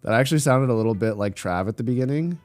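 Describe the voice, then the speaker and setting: A man's voice: mid-range voice, expressive, fast, a little mellow, no room sound, faint music behind. A man streaming live through a slight voice changer, bantering crudely with chat as he reads it. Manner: crude, joking banter while reading chat.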